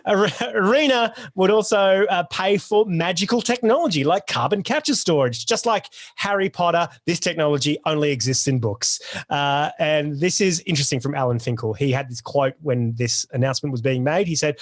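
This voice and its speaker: A man hosting a comedy podcast, delivering sardonic jokes and a mock-excited rant. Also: fairly high pitch, moderate pace, dry recording, clean studio sound. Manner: sardonic, jokey. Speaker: podcast host. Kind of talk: comic topical rant.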